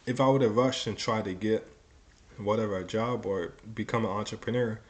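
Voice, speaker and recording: Rambling young man, lowish voice. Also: steady tone, brisk. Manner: rambling, full of "like" and "you know"; casual swearing. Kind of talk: casual personal storytelling.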